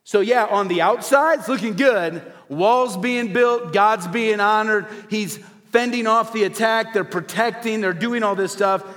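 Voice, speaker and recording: A man preaching a sermon to a congregation, animated and asking the audience rhetorical questions. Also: high voice, unhurried, few pauses, long reverb tail. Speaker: pastor. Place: church hall before a congregation.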